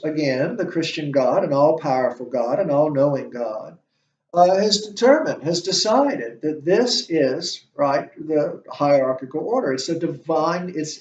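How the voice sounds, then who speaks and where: A male instructor lecturing on a play, talking haltingly with many fillers and restarts. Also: on the high side, a little mellow. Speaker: literature instructor. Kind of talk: classroom lecture. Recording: echoey room, distant mic, dull sound.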